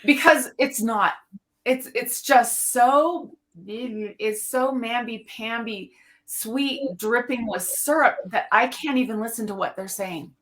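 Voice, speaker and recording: A woman's voice: fairly high pitch, takes it slowly, fairly bright tone. An older woman speaking bluntly and emphatically in a casual panel discussion. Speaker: podcast co-host.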